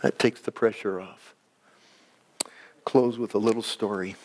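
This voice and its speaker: A man, a pastor, preaching a sermon in a church. He talks with animation, climbing high when excited, and drops soft, slow and low when he prays. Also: slight background noise.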